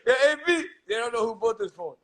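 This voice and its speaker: Young-sounding man with a very high voice, loose and rowdy, casual livestream talk. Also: big pitch swings, fairly quick. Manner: rowdy, laughing, swearing banter.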